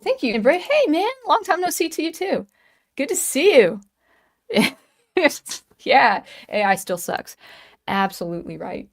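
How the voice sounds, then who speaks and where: A woman's voice: high-pitched, sing-song, measured pace. A woman in her late thirties chatting casually on a livestream, telling a story with lots of restarts and reading the chat aloud. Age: 30s. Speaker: livestream host.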